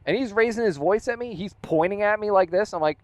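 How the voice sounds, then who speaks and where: A man vlogs about his motorcycle in a high voice, talking fast with no echo. In this casual storytelling, he recounts what happened with exasperation, quoting dialogue along the way.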